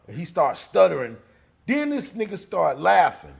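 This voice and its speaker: Gravelly, lively man telling a story. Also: high voice, slow pace. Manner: animated, laughing, acts out the scene. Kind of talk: casual spoken storytelling.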